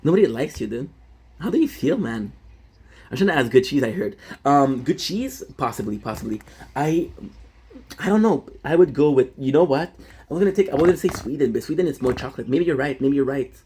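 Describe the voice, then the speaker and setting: A man's voice: medium pitch, animated, brisk, dark tone, breathy edge. A young French-Canadian man, native French speaker, rambling casually on a live stream and answering chat with many fillers. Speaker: livestreamer.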